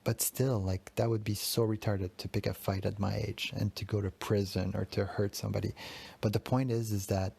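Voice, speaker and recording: Male podcast host, thirties, low gravelly voice, raw self-critical monologue with lots of swearing. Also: little pitch movement, moderate pace, darkish tone. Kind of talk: solo confessional podcast monologue.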